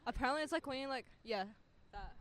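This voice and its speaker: A woman's voice: high voice, fast talker, fairly bright tone. A young woman, co-hosting a casual student podcast and rambling through stories with lots of fillers. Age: young adult. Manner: rambling, filler-heavy storytelling. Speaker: podcast co-host. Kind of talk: casual chat.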